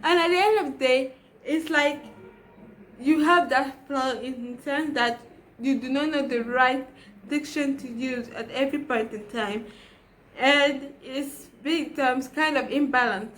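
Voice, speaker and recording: Young woman, childlike high voice, slow earnest motivational talk. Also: fairly bright tone, a little hiss or hum. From Nigeria. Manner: earnest, repeats herself, fillers. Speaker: motivational speaker.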